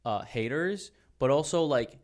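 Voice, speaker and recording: A man hosting a casual comedy podcast at an ordinary mid pitch. He rambles through his thoughts and laughs easily between them. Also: lively intonation, a little slow. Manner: laughs often, loose and rambling. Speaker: podcast host.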